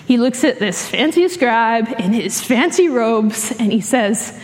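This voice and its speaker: Young woman preacher, higher voice, lively storyteller who laughs easily; echoing church hall. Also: measured pace. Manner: animated storytelling with frequent laughs. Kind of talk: sermon. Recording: long hall reverb.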